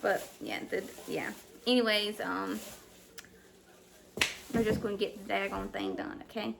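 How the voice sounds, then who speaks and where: Overwhelmed woman with a creaky voice. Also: mid-range voice, fairly even intonation, measured pace, background noise. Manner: hesitant, many fillers and restarts. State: overwhelmed and emotional. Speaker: stay-at-home mom vlogger. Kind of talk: casual vlog chat. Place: at home indoors. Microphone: camera mic.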